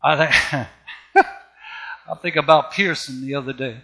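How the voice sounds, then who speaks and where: A man's voice: on the high side, normal speed, vocal fry, sharp tone. A man preaching a sermon with an emphatic, repetitive cadence.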